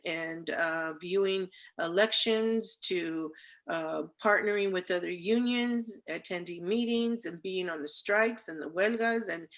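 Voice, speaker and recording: A middle-aged woman, a labor organizer, telling her story as an interview guest in a lively, emotional way, with many pauses and fillers. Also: on the low side. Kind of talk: conversational storytelling.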